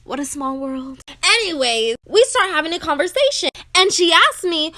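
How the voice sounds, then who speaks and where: A young woman tells a personal story in a conversational vlog and acts out the quoted lines. Her voice is high and bright. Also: lively intonation, normal speed.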